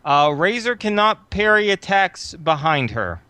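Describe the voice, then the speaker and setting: A man narrating a tabletop game as game master, thinking aloud with frequent filler pauses. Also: high-pitched, big pitch swings, sharp tone, clear, resonant tone, no echo.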